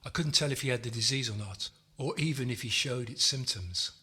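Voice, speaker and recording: A male narrator reading a novel aloud. His voice is husky with a bright, forward edge, and his first-person storytelling is measured and steady. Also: medium pitch. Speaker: audiobook narrator.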